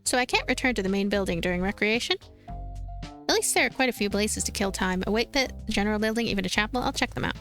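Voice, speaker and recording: A woman's voice: mid-range voice, lively intonation, fast talker, a bit bright, soft background music. A woman hosting a let's play, chatty and amused in casual gameplay commentary.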